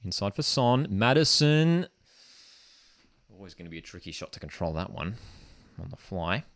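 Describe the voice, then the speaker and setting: A man with a deep voice hosts a live football watchalong from his home streaming desk, talking animatedly and fairly quickly. He's casual and enthusiastic, often throwing in "man," and the sound has no echo.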